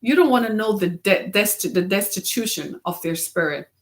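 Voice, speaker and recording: A woman's voice: medium pitch, lively intonation, moderate pace. A middle-aged woman hosting a web series, giving an earnest, preacher-like motivational talk and asking the listener questions.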